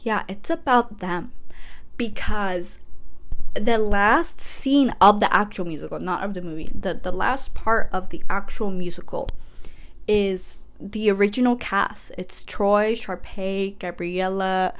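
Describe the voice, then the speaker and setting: A woman podcast host giving a casual, rambling comedic recap, animated and full of fillers. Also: medium pitch, measured pace.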